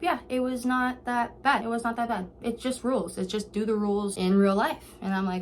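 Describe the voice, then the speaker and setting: Animated young woman vlogger storytelling. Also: a little high, a little fast, few pauses, a little hiss or hum. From Canada. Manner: animated, swearing, laughing asides. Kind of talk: casual storytelling.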